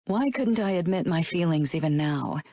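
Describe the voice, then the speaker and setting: A woman narrating an audiobook in first person with a steady, even reading. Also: on the low side, normal speed, dry recording.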